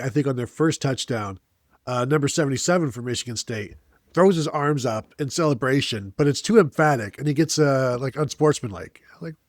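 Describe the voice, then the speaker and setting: A man's voice: mid-range voice, no room sound, clean studio sound. A man co-hosting a sports podcast, picking apart a game with rambling, exasperated analysis. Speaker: podcast co-host. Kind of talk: casual sports chat.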